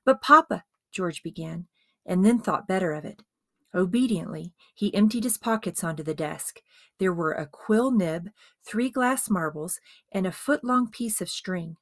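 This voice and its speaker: A woman narrating a dramatized biography as an audiobook, with expressive storytelling. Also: fairly low pitch, moderate pace, no echo, studio quality.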